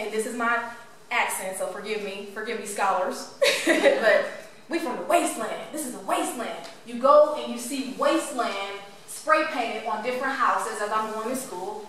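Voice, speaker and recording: High, bright woman speaking to a crowd. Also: slight background noise. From Cleveland, Ohio. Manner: animated, playful, engages the audience with questions. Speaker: motivational speaker. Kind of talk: storytelling talk to a live audience. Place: room with an audience. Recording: echoey room from far off.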